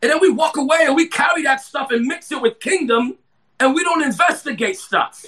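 A pastor preaching a sermon to an online audience, with chatty asides to listeners that build into shouted, drawn-out scripture reading. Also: sits high, slight background noise.

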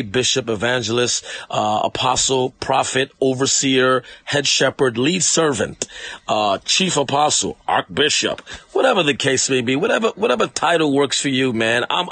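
A man's voice: mid-range voice, a bit bright, no room sound. A man preaching an online sermon, repeating lines emphatically and addressing listeners directly.

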